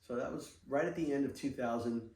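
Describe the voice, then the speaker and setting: A man's voice: medium pitch, fairly quick, creaky, a little mellow, a little hiss or hum. A middle-aged man telling business stories in a casual interview, acting out quoted dialogue and swearing freely. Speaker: podcast guest, surf apparel businessman. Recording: roomy sound from a distant mic.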